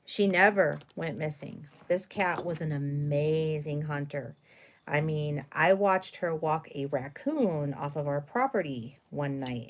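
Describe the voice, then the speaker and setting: A middle-aged woman hosting a craft live stream tells a long story in a chatty, rambling manner, full of fillers and self-corrections. Her voice is deep, with a little hiss or hum in the audio.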